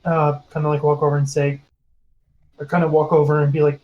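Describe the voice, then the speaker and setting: A man's voice: fairly high pitch, monotone, fairly quick, darkish tone, lo-fi sound. A man playing a tabletop game who talks hesitantly, with many fillers and restarts. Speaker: player. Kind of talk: casual tabletop play.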